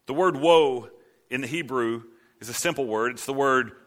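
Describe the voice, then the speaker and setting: A man preaching a sermon with dramatic swings from low, hushed lines to loud cries. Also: moderate pace. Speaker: pastor.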